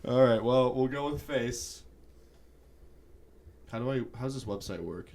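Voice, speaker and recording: A young man co-hosting a podcast in casual chat, animated and often breaking into laughter. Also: mid-range voice, measured pace. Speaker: podcast co-host.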